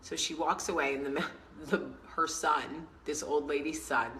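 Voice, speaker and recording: This is a woman telling a story in a casual vlog, her voice sitting low in pitch. Her tone is bright and forceful, and she acts out the people in her story as she goes. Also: unhurried, a little hiss or hum, rough recording. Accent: New York. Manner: chatty, animated storyteller who acts out quotes. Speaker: vlog host.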